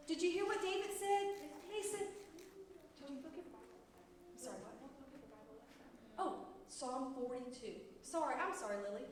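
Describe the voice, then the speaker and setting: A woman's voice: sits high, moderate pace, pauses often, a little hiss or hum. A woman teaching an interactive Bible lesson to children, reading dramatically and asking the kids questions. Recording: echoey room, mic at a distance.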